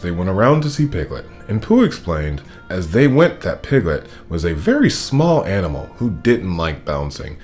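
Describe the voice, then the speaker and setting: A man reading a children's storybook aloud in an expressive, playful way. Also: fairly low pitch. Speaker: storybook reader.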